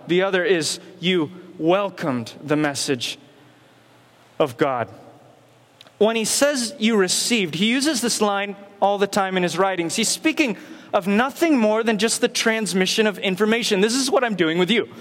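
A man's voice: sits high, animated, a little slow, fairly bright tone, big-room sound. A man preaching a sermon as pastor, with emphatic rhetorical questions and repetition. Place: church sanctuary.

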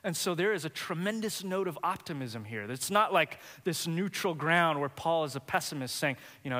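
A man's voice: fairly high pitch, expressive, moderate pace, hardly any pauses, pushed and bright, in a large hall. A man preaching a sermon as a pastor, emphatic and building in intensity as he teaches from scripture.

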